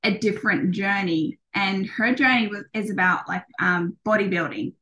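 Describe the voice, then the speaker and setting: A woman's voice: medium pitch, normal speed, bright, forceful tone. A woman in her thirties, a podcast guest, talking casually with many ums and restarts.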